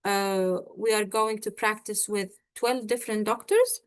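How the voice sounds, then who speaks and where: A woman tutoring medical exam candidates in an online session. She explains step by step, often checking in with "okay?" and "all right?" and pausing on fillers. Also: medium pitch, fairly even intonation, clean tone, no echo.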